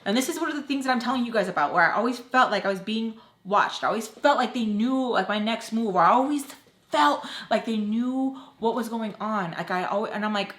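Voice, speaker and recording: A woman's voice: a little high, expressive, brisk, fairly bright tone, echoey room. A young woman telling a storytime vlog in a casual rant, full of fillers and quoted back-and-forth. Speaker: vlogger.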